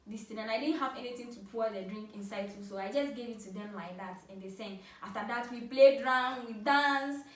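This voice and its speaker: A Ghanaian woman in her twenties telling funny personal stories to camera in a playful, animated way, laughing often. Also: a little high. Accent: Ghanaian English. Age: 20s. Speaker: vlogger. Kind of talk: casual storytelling to camera. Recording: roomy, from a distance.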